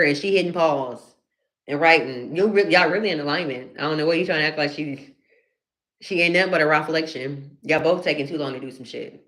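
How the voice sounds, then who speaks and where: Her voice sits low and comes across a bit bright as this comedian chats on a live stream from her phone. She laughs frequently and keeps addressing viewers as honey.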